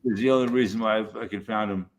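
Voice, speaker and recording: A man in casual chat, telling a rambling story, swearing heavily and talking with animated energy. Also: fairly low pitch, fast. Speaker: podcast host.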